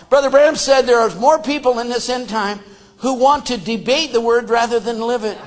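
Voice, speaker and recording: High-voiced, shouting folksy preacher. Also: male voice, fairly quick. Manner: emphatic, folksy, often shouting. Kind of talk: sermon.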